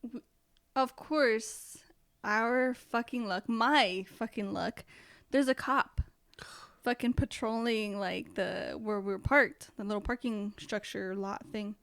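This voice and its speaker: A young woman with a fairly high voice tells her stories in casual podcast chat, swearing freely and acting out what she said back then. The sound is close and dry, with no room echo. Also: takes it slowly. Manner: animated, swearing storyteller who acts out her own past lines. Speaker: podcast guest.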